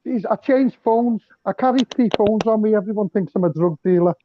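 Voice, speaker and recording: A man from Liverpool calls in and spins jokey stories, his voice high for a man. The line sounds dull and muffled. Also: fairly quick, a little hiss or hum. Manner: joking storyteller. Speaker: caller. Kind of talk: casual chat.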